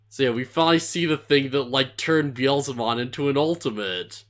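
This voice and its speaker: Here the co-host's medium-pitched voice has a sing-song, slightly bright quality, and his delivery is measured. He keeps the anime recap laid-back and casual, frequently laughing and fumbling names.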